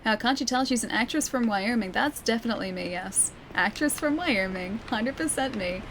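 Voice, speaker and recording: A young woman with an Australian accent chats and giggles through a gameplay stream, reading out chat messages. Her voice sits a little high. A faint hiss hangs under her mic. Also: expressive, moderate pace. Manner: chatty, giggly, reads chat aloud. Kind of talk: casual gameplay commentary.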